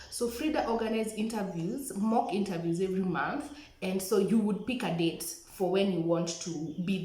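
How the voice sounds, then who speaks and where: A young woman from Kenya telling the story of her scholarship application in a chatty, animated way, often calling her viewers "guys". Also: mid-range voice, echoey room, poor audio. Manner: chatty, animated retelling with acted-out quotes, addresses viewers as "guys". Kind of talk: casual storytelling to camera.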